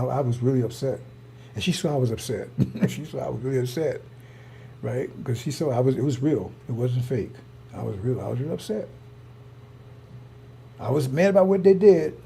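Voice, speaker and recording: A man's voice: mid-range voice, lively intonation, fairly quick, creaky, dark tone, slight background noise. A man, telling a rambling personal story in a heated, emphatic, repetitive way. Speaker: online preacher.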